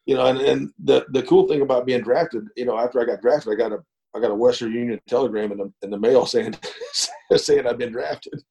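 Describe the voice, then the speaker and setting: A middle-aged man spins a long, folksy yarn as an interview guest. His voice is mellow and relaxed, in the middle of the male pitch range. He talks unhurriedly, with plenty of fillers and chuckles along the way. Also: a little fast, gravelly, rough recording. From East Texas. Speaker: guest, former pro baseball pitcher. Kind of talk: casual storytelling interview.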